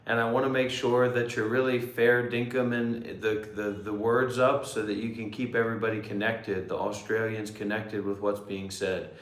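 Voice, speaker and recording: Playful, unhurried male meditation teacher. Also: fairly low pitch, little pitch movement. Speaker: meditation teacher and livestream host. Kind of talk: casual chat. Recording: echoey room.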